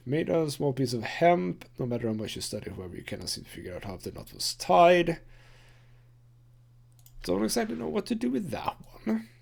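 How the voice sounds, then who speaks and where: A man's voice: mid-range voice, vocal fry. A man hosting a let's play, casually commenting on gameplay and thinking aloud with frequent fillers.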